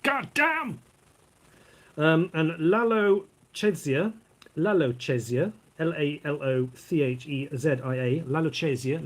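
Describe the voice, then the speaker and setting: A man reads trivia aloud in a relaxed, rambling vlog chat. His voice is husky, and he keeps drifting into asides while snacking and sipping a drink. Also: mid-range voice, rough recording. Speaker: vlogger. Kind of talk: casual vlog reading trivia.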